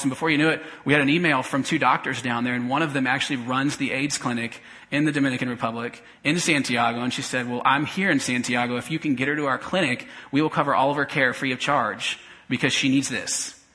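A man, a pastor, telling a personal story in a sermon, talking conversationally with many restarts and going quiet in emotional parts. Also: medium pitch, fairly even intonation, quick pace, poor audio.

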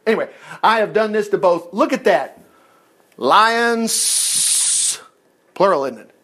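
A man preaching a sermon, retelling a story with animated asides and frequent chuckles. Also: high-pitched, slow. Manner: animated storytelling, acts out quotes, chuckles often.

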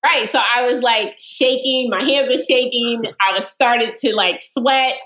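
A woman's voice: on the high side, measured pace. A woman guest telling a story in a casual interview, acting out the dialogue as she goes. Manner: animated, acts out quoted dialogue. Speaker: guest, real estate investor. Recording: roomy, dull sound.

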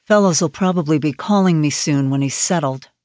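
A woman's voice: sits low, fairly quick, darkish tone, no room sound, natural voice. A woman narrator voicing a brusque woman FBI agent in an audiobook, in a clipped, blunt manner. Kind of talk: audiobook character voice.

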